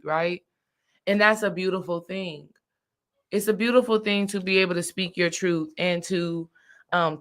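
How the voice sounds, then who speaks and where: Woman, bright voice, casual storyteller, chatty, animated, keeps checking in with listeners. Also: medium pitch. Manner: chatty, animated, asks "right?" often. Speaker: spiritual coach and host.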